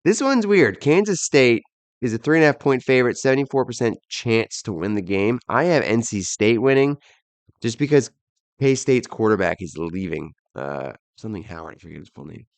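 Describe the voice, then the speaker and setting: A man's voice: mid-range voice, animated, normal speed, no room sound. A young man hosting a casual solo football podcast, rattling off odds and picks in an offhand, self-deprecating way. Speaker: podcast host. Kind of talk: casual solo bowl predictions.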